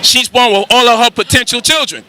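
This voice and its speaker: A man giving a street lecture with crude banter, animated and firing rhetorical questions at passers-by, outdoors on a city street. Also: very high voice, brisk, slight background noise, poor audio. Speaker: street speaker.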